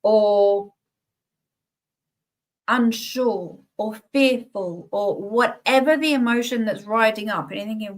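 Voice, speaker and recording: A woman's voice: medium pitch, slow pace. A middle-aged woman, a guest healer giving casual, chatty advice and laughing at herself.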